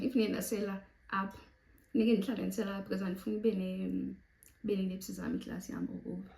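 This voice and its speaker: A young South African woman telling a story to camera in a lively storytime vlog, slipping between Xhosa and English. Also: medium pitch, fast talker, vocal fry, roomy sound, low-quality recording. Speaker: YouTuber.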